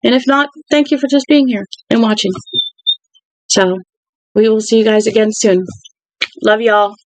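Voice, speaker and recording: A woman reading a novel aloud in a plain, unhurried way, then chatting casually and warmly with her listeners at home. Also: on the high side, steady tone, no echo, poor audio. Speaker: audiobook reader.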